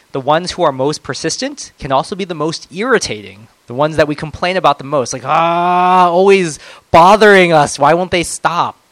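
A man preaching a conversational sermon, swinging between loud, emphatic moments and soft, reflective ones. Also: medium pitch, no room sound, rough recording.

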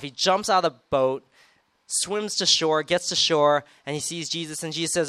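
Man, sermon, conversational preacher, fairly high voice, dry close sound. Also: normal speed, a bit bright, smooth, dry recording. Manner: conversational, acts out quoted lines with rising emphasis.

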